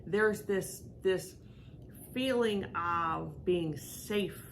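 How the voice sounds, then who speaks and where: A woman hosting as a psychic medium, talking in a rambling, halting way with many fillers and restarts. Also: lowish voice, a little hiss or hum. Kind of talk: casual reaction chat.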